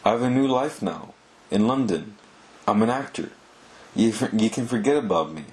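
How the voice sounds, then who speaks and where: Scared young runaway pleading for his life, put on by a male reader a bit higher than his own low voice. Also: expressive, normal speed, darkish tone, close to an everyday voice. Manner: pleading, anxious.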